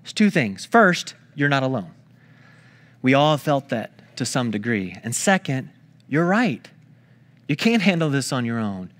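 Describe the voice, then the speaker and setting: A man's voice: mid-range voice, sing-song, a little slow, fairly bright tone. A man preaching a sermon, talking through a scripture story in a conversational way, with storytelling asides to the congregation. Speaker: pastor.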